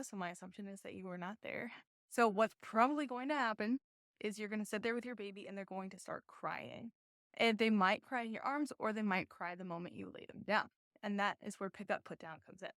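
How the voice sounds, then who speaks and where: A woman in her thirties calmly explaining a baby sleep method, earnest and step by step. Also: mid-range voice. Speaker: parenting educator. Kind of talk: instructional talk to camera.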